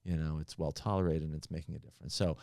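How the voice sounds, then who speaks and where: A man's voice: very deep voice, steady tone, fast talker, vocal fry, darkish tone, no echo, studio quality. A man in a podcast interview, a pharmaceutical executive answering earnestly with many fillers and restarts.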